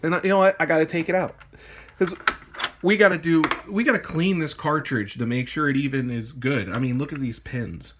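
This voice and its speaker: A young man ranting in a satirical vlog, mock-outraged, swinging between low mumbles and shouting. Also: a little fast, background noise. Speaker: YouTuber. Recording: music playing underneath.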